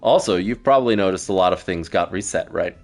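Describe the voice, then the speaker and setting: A man's voice: sits low, fast talker, close to an everyday voice. A man voicing a teasing, all-knowing star being with a playful, smug way of talking.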